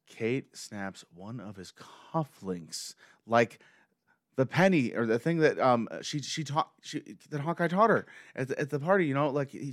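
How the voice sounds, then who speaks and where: A man excitedly recapping a show episode scene by scene, gushing like a fan. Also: mid-range voice, dry recording, studio quality.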